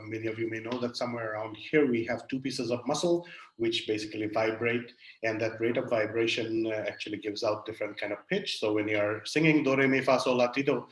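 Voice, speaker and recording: A man giving an academic webinar lecture, explaining step by step with many pauses and fillers. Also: medium pitch. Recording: echoey room.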